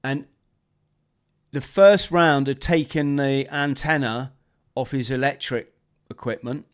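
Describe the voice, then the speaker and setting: A man, a former marine guest on a podcast, telling a lively story and acting out the shouts, talking over a video call. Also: medium pitch, slow, smooth. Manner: animated storyteller, acts out shouted quotes. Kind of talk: storytelling interview.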